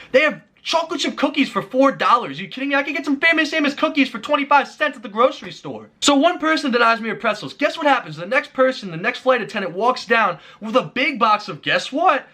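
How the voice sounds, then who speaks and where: A man's voice: sits high, sharp tone. A young man telling a frustrated travel story in a vlog, ranting and acting out the exchanges. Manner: exasperated, fast ranting, acts out quoted exchanges. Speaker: vlogger.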